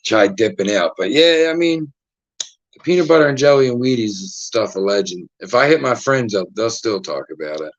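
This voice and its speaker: A man hosting a podcast, telling stories in a casual, profane, animated way and acting out the voices of the people in them. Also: fairly low pitch, moderate pace, dull audio. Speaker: podcast host. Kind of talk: casual storytelling chat.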